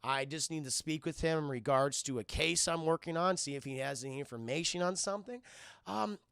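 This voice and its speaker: Guy putting on a super polite robot cop, reassuring, kinda high and gravelly. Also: a little fast, dry recording, clean studio sound. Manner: calm, reassuring, overly courteous. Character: polite soft-spoken male cyborg posing as cop.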